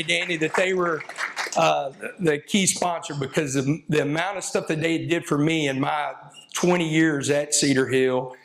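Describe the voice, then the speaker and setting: A man speaks to an audience as a football coach. His voice sits a little high for a man. He talks in a folksy, rambling way and lets his emotion show. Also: fairly bright tone, a little hiss or hum. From Texas. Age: 50s. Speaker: football coach giving a talk. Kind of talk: speech to an audience.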